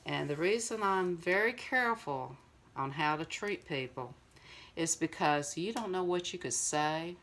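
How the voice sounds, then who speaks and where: Older woman vlogger, lowish voice, rambling and earnest, speaking straight to viewers. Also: animated, measured pace, fairly bright tone, a little hiss or hum. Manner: rambling, earnest, full of "you know". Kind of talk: casual heartfelt monologue to viewers.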